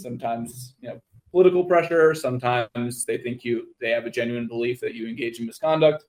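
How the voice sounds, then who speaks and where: A man with a mid-range voice speaks as a guest attorney on a radio interview. He explains each step in a measured, orderly way. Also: mid-range voice, rough recording.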